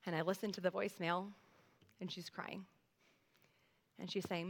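A woman's voice: lowish voice, little pitch movement, normal speed, creaky. A woman in her thirties preaching a sermon as pastor, earnest and conversational, speaking straight to her congregation. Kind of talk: sermon with personal story. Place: church sanctuary. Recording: long hall reverb.

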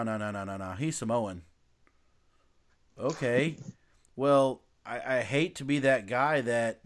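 A man hosting a casual podcast chat, talking emphatically and bluntly with quick restarts. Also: mid-range voice, a bit bright. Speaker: podcast host.

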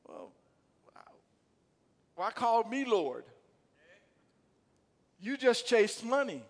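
A man preaching with a high, bright-pitched voice, calling out questions to his congregation and building to loud emphatic lines. His words ring out with a long hall reverb from the sanctuary. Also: sing-song, takes it slowly, long pauses. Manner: call-and-response preaching, rising to emphatic bursts. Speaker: pastor. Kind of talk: sermon. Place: church sanctuary.

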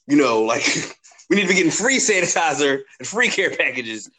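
A man's voice: a little high, sing-song, normal speed, bright, forceful tone, low-quality recording. A young man co-hosting a casual chat, rambling and slangy, asking question after question. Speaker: podcast co-host.

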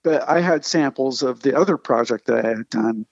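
A man, a comic artist, telling animated anecdotes in casual conversation and acting out the people he quotes. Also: medium pitch, normal speed, dry recording, muffled recording. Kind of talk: casual storytelling.

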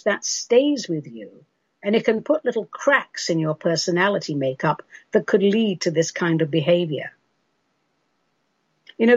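An English woman hosts a radio show, offering spiritual advice and chatting emphatically as she answers listener questions in a casual way. Her mid-range voice is husky, with no echo, though the radio recording sounds dull and lo-fi.

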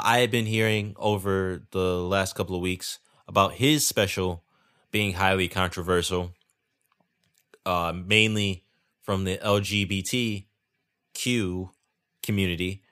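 A man's voice: fairly low pitch, fairly bright tone, clear, resonant tone. A man hosting his own podcast alone, rambling casually with profanity, restarts and self-deprecating asides. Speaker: podcast host. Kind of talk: casual solo podcast monologue. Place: indoors at home, rainy night.

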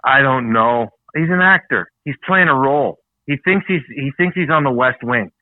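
A man from Canada vents bluntly in casual chat and swears often. His voice sits at a middle pitch. It comes through a dry, narrow, phone-like line. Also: animated, normal speed, no room sound. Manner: blunt, profane ranting. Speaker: podcast co-host.

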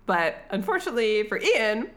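A woman's voice: medium pitch, normal speed. Laughing, swearing woman recapping a plot. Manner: animated, acts out quotes, laughs often, swears. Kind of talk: casual chat recapping a film plot.

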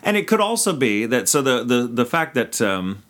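A man's voice: mid-range voice, big pitch swings, moderate pace, fairly bright tone. A man co-hosting a podcast, retelling a grim history in casual talk, rambling with restarts and swearing. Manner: rambling, frequent restarts and profanity. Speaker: podcast co-host. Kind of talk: casual storytelling chat.

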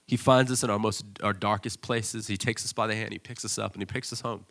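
A man delivers a sermon from a church stage. He sounds bright and forceful, and he sits on the lower side of the male range. He talks in a loose, conversational way, with plenty of restarts. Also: a little fast, gravelly. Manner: conversational, animated storytelling with many restarts. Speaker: pastor.

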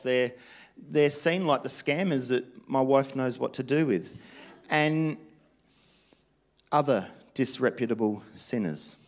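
Guy preaching a sermon, earnest and punchy, ordinary pitch, keeps pushing the point. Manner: earnest, emphatic preaching with exhortations. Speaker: pastor.

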